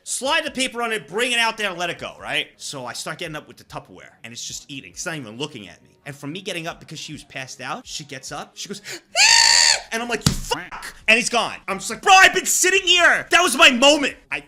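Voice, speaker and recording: A man, a live streamer telling profane, animated stories and reacting loudly to chat. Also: a little high, fast, few pauses. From New York.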